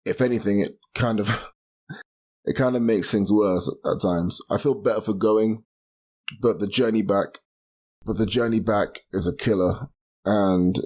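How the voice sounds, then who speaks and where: A man's voice: lowish voice, darkish tone. Rambling self-mocking male podcast host. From London. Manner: rambling, self-deprecating, laughs at himself. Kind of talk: solo casual chat.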